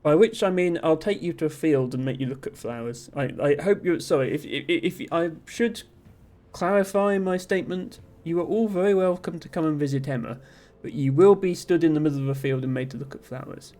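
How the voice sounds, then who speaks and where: Chatty Southern English man, higher voice. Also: fairly quick, darkish tone. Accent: generic Southern English. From Somerset, southwest England. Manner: chatty, self-deprecating, rambling with many ums. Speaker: streamer. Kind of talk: casual chat reading out viewer messages.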